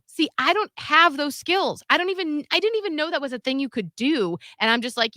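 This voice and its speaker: A woman's voice: high voice, moderate pace, hardly any pauses, no room sound, clean studio sound. A young woman co-hosting a radio show, chatting casually and telling stories with lots of "like" and quoted voices. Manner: animated storytelling with quoted voices and frequent "like". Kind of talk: casual chat.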